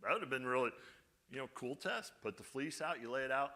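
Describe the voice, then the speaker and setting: A man's voice: mid-range voice, expressive, fairly quick, bright, forceful tone. A male pastor giving a conversational sermon, often putting rhetorical questions to his congregation.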